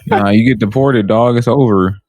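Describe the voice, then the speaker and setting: A man co-hosting a casual podcast, talking in quick slang, bragging about work he has done. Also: on the low side, steady tone, darkish tone. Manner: fast slangy bragging, leans on "fam" and "bro". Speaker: podcast co-host. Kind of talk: casual argumentative chat.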